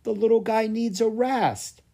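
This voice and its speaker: A man voicing an earnest, excited young boy who speaks in a gentle way in a storybook reading. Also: sits high, unhurried, gravelly, pitched above the performer's own voice, heavily acted.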